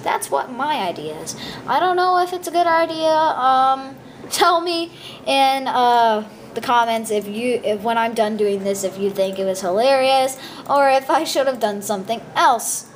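A woman's voice: sits high, a little slow, a little hiss or hum. A woman giving casual, rambling commentary over her gameplay, full of ums and uhs and goofy asides. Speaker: gameplay video maker.

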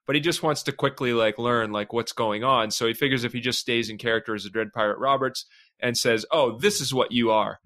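A man's voice: medium pitch, steady tone, a little fast, bright, forceful tone. A man in a casual podcast discussion, talking eagerly and in a jokey way, stumbling over his words as he goes. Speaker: podcast guest.

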